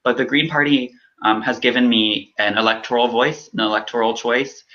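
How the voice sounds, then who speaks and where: A young man, a political candidate, speaking earnestly in an interview, with many halting ums. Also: mid-range voice, fairly even intonation, bright, forceful tone, highs cut off. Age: young adult. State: choked up.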